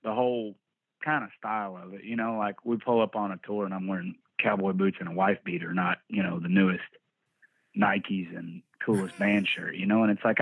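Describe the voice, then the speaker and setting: On a dry, tinny phone-like line with no echo, a Texas band vocalist talks in a low-side, slightly rough voice with his Texan accent. He's a podcast guest telling candid, laid-back stories and cursing freely.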